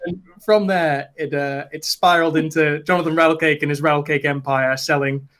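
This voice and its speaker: A man, a dice maker, answering interview questions in a relaxed, storytelling way and laughing easily. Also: fairly high pitch, brisk. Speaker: dice company founder.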